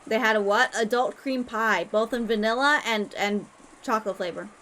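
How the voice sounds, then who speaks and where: Young woman, casual stream chat, crude, playful, a bit high-pitched. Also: normal speed, a bit bright. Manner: crude, swears a lot, playful.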